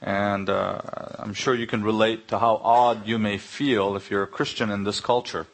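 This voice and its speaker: A man's voice: fairly low pitch, normal speed. A middle-aged man, preaching a sermon full of personal stories and acted-out dialogue. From Korea. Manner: anecdotal, animated when acting out dialogue. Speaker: pastor. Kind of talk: sermon with storytelling.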